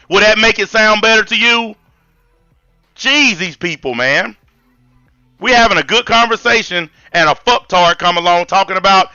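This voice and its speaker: A man's voice: sits high, moderate pace, bright, forceful tone, smooth, no echo, lo-fi sound, faint music behind. A man in his forties with a Southern US accent, hosting a live-stream debate and ranting bluntly with heavy profanity. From American South. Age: 40s. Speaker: channel host.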